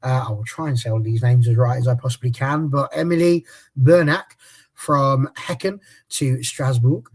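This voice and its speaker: A man's voice: mid-range voice, normal speed. A man hosting a casual podcast panel. He reads out a transfer rundown in a jokey, chatty way and stumbles over foreign names. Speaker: podcast host.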